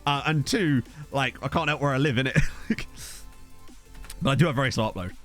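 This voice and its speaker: A man's voice: medium pitch, a little fast, fairly bright tone, faint music behind. A young man streaming at home, chatting and rambling to his viewers while playing a game. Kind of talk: casual live-stream chat while playing. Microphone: desktop USB mic.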